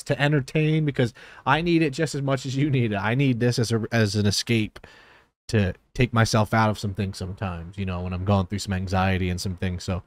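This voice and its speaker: A man's voice: fairly low pitch, dry recording, clean studio sound. A man from Philadelphia and New Jersey, a streamer and reaction host, talking to his viewers in a rambling, sincere way, with many fillers and restarts. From Philadelphia and New Jersey, USA. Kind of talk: casual heartfelt talk to viewers.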